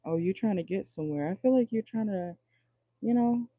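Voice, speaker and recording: A man reads tarot cards on a casual livestream, joking and chatting straight to his viewers with plenty of swearing. His voice is very dark and mellow and sits a touch high for a man. The sound is close and completely dry. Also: a little fast, dry recording. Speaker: tarot reader.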